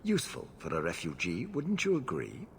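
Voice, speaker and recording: A deep, lofty city magistrate. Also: male voice, wildly swooping pitch, moderate pace, slight background noise. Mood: scheming. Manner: formal, lofty and persuasive. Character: smooth, scheming male city magistrate.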